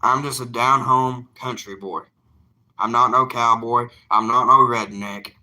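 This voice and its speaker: A man's voice: mid-range voice, steady tone, measured pace, pushed and bright. A young man, an evangelist talking casually to his livestream viewers in an earnest, plainspoken, defiant way.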